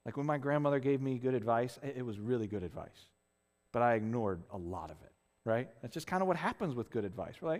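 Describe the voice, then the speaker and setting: A man's voice: mid-range voice, animated, fast talker, darkish tone, in a large hall. A man preaching a conversational sermon as a pastor, earnest, often restarting phrases and checking in with "right?". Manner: earnest, with frequent restarts and tag questions.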